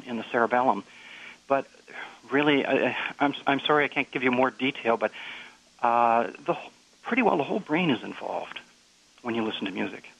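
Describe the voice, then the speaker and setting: A man being interviewed as a music researcher, explaining thoughtfully with frequent halting restarts. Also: medium pitch, creaky, a bit bright. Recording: dull lo-fi radio sound.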